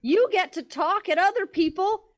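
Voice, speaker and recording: A woman doing a chipper tour-guide pitch. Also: normal speed. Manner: upbeat sales pitch, laughing through lines. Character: chipper female tour guide of a libertarian fort.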